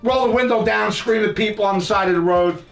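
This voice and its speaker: An older man spins profane childhood stories, rambling and laughing as he goes. His voice sits high for a man. It rings in a roomy space, picked up from a few feet off the mic with faint music underneath. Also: brisk, vocal fry, distant mic. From New Jersey. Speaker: podcast host. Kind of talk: casual storytelling.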